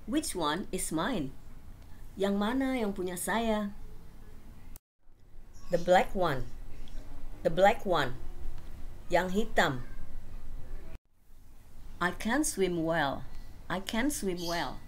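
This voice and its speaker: A woman who is a language teacher, reading sentence drills slowly and deliberately, repeating each line. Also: on the low side, animated, a little hiss or hum.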